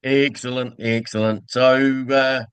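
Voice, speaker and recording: A man's voice: mid-range voice, flat delivery, slow, smooth, dry recording. A middle-aged man, co-hosting a sports podcast with short, dry, laid-back remarks. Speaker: podcast co-host. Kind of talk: casual sports chat.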